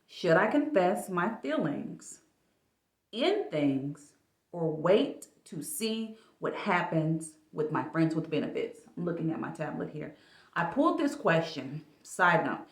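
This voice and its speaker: A woman life coach chatting casually in an advice vlog, speaking in a lively, animated way. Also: lowish voice. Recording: echoey room.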